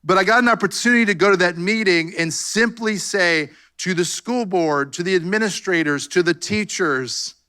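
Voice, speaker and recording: A man's voice: sits high, moderate pace, few pauses, pushed and bright. A man pastor preaching a fervent sermon, calling out "come on" and "amen" to his congregation. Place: church sanctuary.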